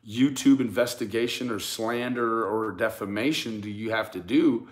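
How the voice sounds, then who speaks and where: A man's voice: on the low side, moderate pace. Emphatic man ranting to his viewers. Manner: emphatic, stammers and repeats words, addresses viewers and critics directly. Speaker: YouTube true crime commentator. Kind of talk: casual commentary rant to camera.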